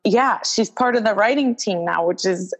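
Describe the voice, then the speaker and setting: A young adult woman, a wrestler as interview guest, telling a story in animated casual talk, acting out quoted dialogue with lots of "like" fillers. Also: mid-range voice, normal speed, poor audio.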